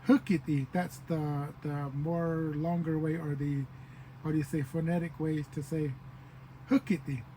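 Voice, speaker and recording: Slow-speaking man teaching word by word. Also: a little high, little pitch movement, mellow, a little hiss or hum, rough recording. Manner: repeats words slowly, acts out example phrases. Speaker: language teacher. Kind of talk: casual language lesson.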